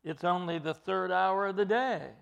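A man preaching an expository sermon, emphatic, with his voice rising into loud bursts. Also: high-pitched, moderate pace, creaky, clear, resonant tone.

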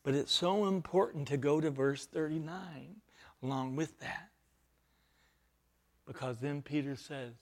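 A man preaching a verse-by-verse sermon, explaining grammar and repeating phrases for emphasis, swinging between loud stressed words and quiet, low asides. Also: unhurried, long pauses. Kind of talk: expository sermon.

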